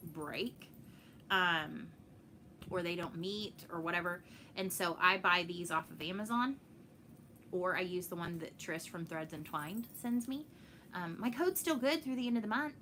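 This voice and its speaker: A Texan woman hosts a stitching show from home, chatting casually with viewers in a live session and laughing as she answers their comments. Her mid-range voice is pushed and bright, with slight background noise.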